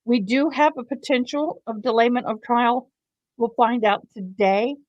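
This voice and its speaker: A woman's voice: on the high side, a little slow, no echo, lo-fi sound. A woman hosting a casual live commentary stream, chatty and teasing as she talks to her viewers. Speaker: livestream host.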